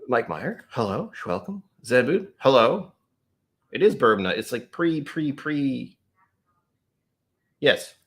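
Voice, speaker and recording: A man's voice: fairly low pitch, a bit bright. A man hosting a livestreamed whiskey tasting from home, chatting in a playful, self-mocking way and laughing easily. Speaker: host.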